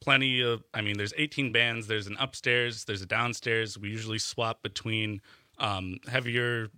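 A man, a radio guest, explains the venue and how to get there, hesitating with frequent ums. His voice is bright and clear. The studio mic is close and dry. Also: fairly low pitch, steady tone, normal speed, no room sound. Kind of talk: casual radio interview.

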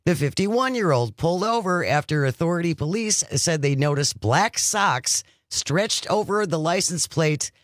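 Lively radio host woman, dry studio sound. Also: fairly low pitch, moderate pace, few pauses, no echo. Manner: chatty, reads news items aloud. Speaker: radio talk show host. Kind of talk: casual radio chat. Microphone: studio microphone.

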